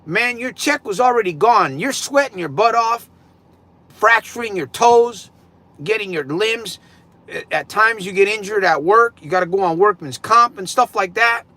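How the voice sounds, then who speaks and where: A middle-aged man talks off the cuff on his own livestream, circling back and repeating his points for emphasis. His pitch sits fairly high and swings a lot. The tone is bright and forceful. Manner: rambling, emphatic, repeats himself. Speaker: livestream host. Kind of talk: casual livestream talk.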